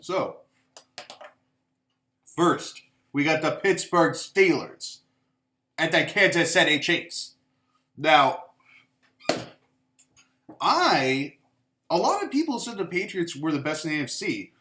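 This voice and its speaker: A man's voice: fairly high pitch, sing-song, slow pace, long pauses, pushed and bright. A young man ranting about football in a profane, rambling, emphatic way. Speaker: sports commentator. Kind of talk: ranting vlog commentary. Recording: echoey room.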